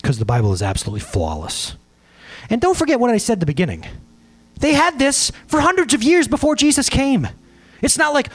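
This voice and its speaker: A man preaching a sermon to his congregation, emphatic and animated, asking for slides as he goes. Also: very high-pitched, brisk. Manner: asks for slides during the talk. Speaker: pastor.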